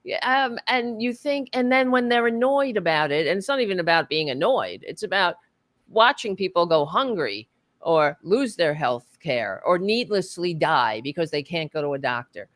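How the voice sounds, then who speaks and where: A woman's voice: fairly low pitch, expressive, normal speed, a bit bright, no room sound. A woman co-hosting a political talk podcast, speaking in an impassioned, profane, rambling way with many fillers. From United States. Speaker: podcast co-host.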